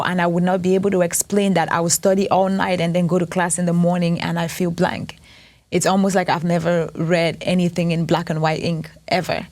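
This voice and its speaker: A woman in her thirties from Cameroon, sharing a personal story as an interview guest in an earnest, reflective, unhurried way. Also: fairly low pitch, flat delivery, a little mellow. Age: 30s. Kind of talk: personal testimony.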